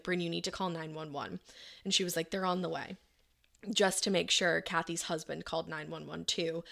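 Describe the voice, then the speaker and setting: A woman with a lowish voice and a gravelly edge walks a co-host through a true crime case. She talks casually, quoting the people involved in her own everyday voice. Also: a bit bright. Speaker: podcast co-host telling the case.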